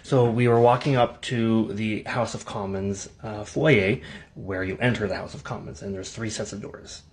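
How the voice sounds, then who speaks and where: A man from Canada, once a tour guide, telling an incredulous, animated story. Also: on the low side, normal speed. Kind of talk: casual storytelling.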